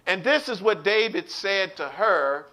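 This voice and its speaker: A man preaching an online Bible study, animated, repeating words and calling out to his listeners. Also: high voice, unhurried. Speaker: pastor teaching a Bible study.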